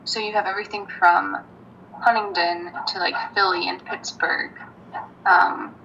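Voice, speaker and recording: A young woman answering interview questions casually, hesitant and pausing often. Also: medium pitch, flat delivery, gravelly, sharp tone. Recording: dull lo-fi sound, faint noise.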